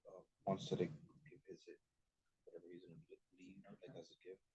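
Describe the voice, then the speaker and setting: A man with a very deep voice chimes in during a study group. He talks haltingly, full of fillers, and the sound is muffled and lo-fi. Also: monotone, dark tone, slightly rough, no room sound. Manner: hesitant, many "like" fillers. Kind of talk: asking and adding to a discussion.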